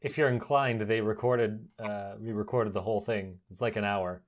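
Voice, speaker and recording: A man hosting a podcast in casual chat, relaxed and giggly, steering the talk from topic to topic. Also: lowish voice, normal speed, muffled recording. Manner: laughs often, relaxed, steers the conversation. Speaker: podcast host.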